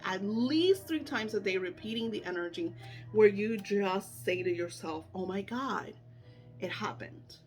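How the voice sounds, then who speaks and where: A middle-aged woman coaching on manifesting in an animated, chatty way, full of fillers and acted-out self-talk. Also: mid-range voice. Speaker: spiritual coach. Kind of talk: casual teaching chat.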